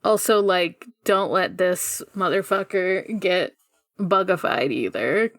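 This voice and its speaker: A woman co-hosting a casual podcast chat, laughing often and retelling scenes with animated swearing. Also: on the low side, slow, no echo. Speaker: podcast co-host.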